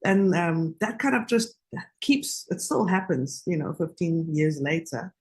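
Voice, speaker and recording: A woman telling stories as a radio guest, chatty and quick to laugh, with many fillers. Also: on the low side, animated, a little mellow, slightly rough. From South Africa. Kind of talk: casual radio anecdote.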